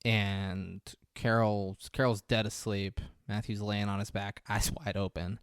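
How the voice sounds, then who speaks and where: A man's voice: on the low side, level tone, a little slow, clean tone, no echo, studio quality. A man co-hosting a podcast, casually retelling a film scene and acting out the characters' lines with laughs. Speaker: podcast co-host.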